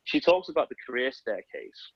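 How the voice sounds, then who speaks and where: A man's voice: medium pitch, sing-song, brisk, husky, no echo, lo-fi sound. A man in his thirties, an illustrator, chatting casually in a podcast and rambling with many fillers and self-corrections. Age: 30s.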